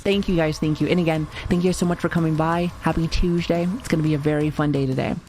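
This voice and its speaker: A woman's voice: sits low, steady tone, quick pace, a little mellow, a little hiss or hum. A woman in her thirties streaming live, talking casually to her chat with lots of swearing and joking. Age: 30s. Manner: profane, joking, chatty with frequent laughs.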